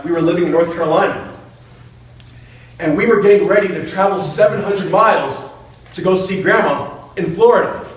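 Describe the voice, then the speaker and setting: A man giving a storytelling motivational speech in a hall, playful and self-mocking, and he laughs often. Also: high-pitched. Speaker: public speaker. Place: hall with an audience. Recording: echoey hall, mic far off.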